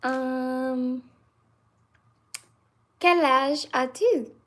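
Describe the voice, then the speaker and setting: A woman in her twenties hosting a livestream, chatting with viewers and answering them with many pauses and fillers. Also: high-pitched, a bit bright. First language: English. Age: 20s. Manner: hesitant, many fillers and restarts. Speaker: livestream host.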